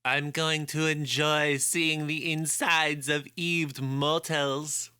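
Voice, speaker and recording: A man's voice: huge pitch swings, drawn-out words, gravelly, sharp tone, no echo, studio quality, heavily acted. A man voicing a small, nauseating male mad doctor with a nasal, fussy voice. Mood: gloating. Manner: shrill, peevish, fussy.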